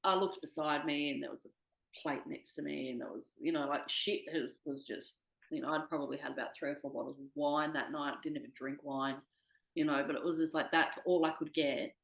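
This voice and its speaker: A woman's voice: deep voice, brisk, gravelly, fairly bright tone, roomy sound, rough recording. A young woman speaking candidly as an interview guest, swearing freely and quoting herself. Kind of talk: candid personal conversation.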